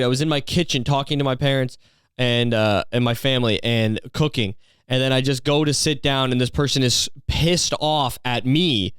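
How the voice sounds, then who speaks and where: A man's voice: mid-range voice, clear, resonant tone, no room sound. A man hosting a solo podcast, rambling through a story in a profane, incredulous way on a close mic. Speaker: podcast host.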